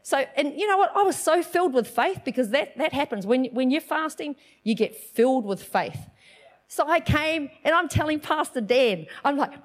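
High-voiced animated woman preaching. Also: moderate pace. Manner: animated storytelling, acts out quoted voices. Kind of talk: sermon with personal testimony.

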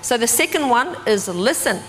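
A woman preaching a sermon in a conversational, animated way, full of casual fillers. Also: fairly high pitch, moderate pace, a little hiss or hum. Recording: distant voice with long hall reverb.

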